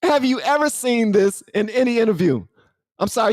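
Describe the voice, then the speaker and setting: Host, man, lively swooping delivery, dry close sound, reacting to clips. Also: sits high, a little fast, gravelly, no echo. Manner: animated, playful, talks to the audience directly. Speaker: commentary channel host. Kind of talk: casual reaction commentary.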